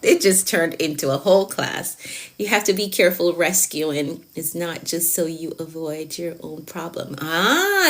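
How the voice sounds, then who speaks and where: A woman productivity coach giving a live coaching talk, emphatic and animated, stressing her points with sudden lifts. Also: fairly low pitch, unhurried.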